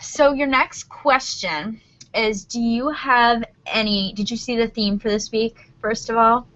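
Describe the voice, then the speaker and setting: A woman leads a casual support-group video chat. She sounds upbeat, laughs often and keeps the conversation moving. Her voice is bright and a bit high, and it comes through lo-fi video call audio. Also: steady tone, measured pace.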